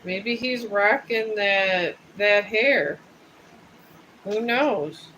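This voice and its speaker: A man's voice: high voice, extremely slow, sharp tone, muffled recording, a little hiss or hum. A man reading tarot cards on a livestream, chatting in a rambling, casual way and drifting from topic to topic. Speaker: tarot reader and livestream host. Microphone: streaming setup.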